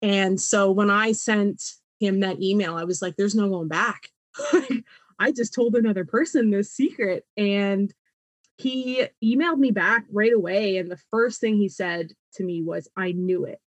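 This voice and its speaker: A woman's voice: medium pitch, unhurried, no echo. A young woman, a podcast guest, telling a personal story with lots of laughter and acted-out voices. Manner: animated, laughs often, acts out quoted voices.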